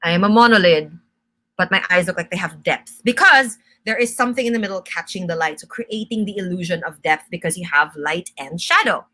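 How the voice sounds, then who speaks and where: A woman's voice: on the low side, brisk, bright, forceful tone. A young woman hosting a live-stream makeup tutorial, explaining each step in a chatty, instructive way and answering viewer comments. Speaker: makeup brand host.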